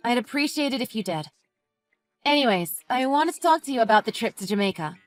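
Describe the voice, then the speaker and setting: A woman's voice: on the high side, animated, fairly quick, dry recording, faint music behind, natural voice. Woman voicing a patient, polite friend. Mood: calm. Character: patient, polite young mother, calm and reasonable. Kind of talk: text-message story narration.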